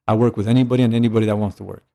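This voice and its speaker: Low-voiced animated man telling stories. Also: very fast, gravelly. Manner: animated storyteller, acts out dialogue, swears casually. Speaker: guest, catching coach and trainer. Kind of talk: casual podcast chat.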